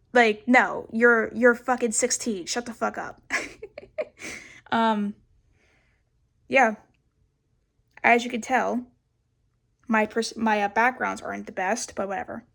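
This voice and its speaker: A woman's voice: fairly high pitch, moderate pace, vocal fry, long pauses, a bit bright. A young woman giving a casual, rambling sketchbook tour, swearing a lot and mocking herself. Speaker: vlogger.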